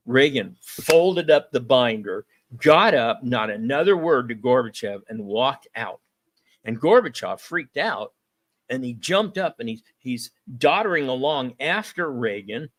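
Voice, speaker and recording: A man hosting a political talk show, telling stories in a folksy, chatty way. He pauses often with ums and uhs. The sound is dry and close, with no room echo. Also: medium pitch, expressive, a bit bright.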